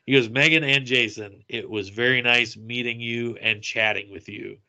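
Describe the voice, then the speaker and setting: A man chatting on a podcast, telling a funny story with lots of acted-out quotes. His voice is bright and forward, and he laughs easily as he talks. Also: medium pitch, normal speed. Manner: animated, acts out quotes with laughter. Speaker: podcast co-host. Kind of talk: casual storytelling.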